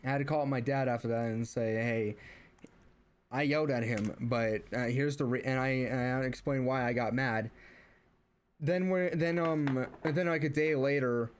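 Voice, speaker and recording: A man's voice: medium pitch, normal speed, smooth. A young man venting in a casual story, rambling with many false starts and fillers. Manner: exasperated, venting. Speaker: streamer.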